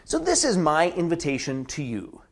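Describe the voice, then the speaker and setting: With a medium pitch that swoops wildly and a normal speaking speed, a business strategist presents a scripted promotional address. Dramatic whispers punctuate his points as he switches between contrasting inner and outer voices.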